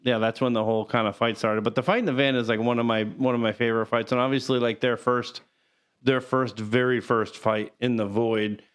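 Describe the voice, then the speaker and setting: A man's voice: mid-range voice, fairly even intonation, fairly quick, smooth. A man co-hosting a casual movie chat, recounting scenes in a loose, rambling way full of fillers. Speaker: podcast co-host.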